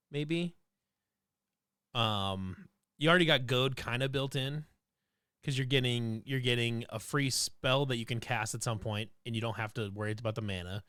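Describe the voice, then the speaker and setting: A man's voice: mid-range voice, fairly bright tone, clear, resonant tone, no room sound, clean studio sound. A man co-hosting a casual streamed chat, rambling and giggling, often repeating himself. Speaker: co-host.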